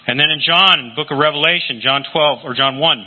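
Husky preacher in a tinny hall recording. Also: male voice, a little high, quick pace. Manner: animated storytelling, acting out scripture quotes. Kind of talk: sermon.

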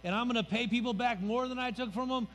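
A man voicing an overjoyed short grown man who talks eagerly and excitedly. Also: extremely high pitch, fast, pitched above the performer's own voice. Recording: reverberant hall, faint music.

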